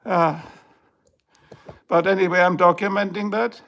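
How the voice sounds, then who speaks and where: This high-pitched, slightly bright voice belongs to a German livestreamer. Steady in tone and a little slow with some vocal fry, he rants casually at home by his garage, cursing and griping in an over-the-top way.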